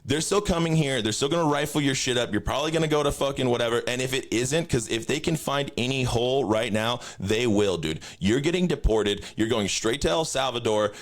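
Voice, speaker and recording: A young man hosting a podcast, telling a profane story in a loose, ranting way and jumping up high when he quotes himself. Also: fairly quick, few pauses. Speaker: podcast host. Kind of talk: casual rant.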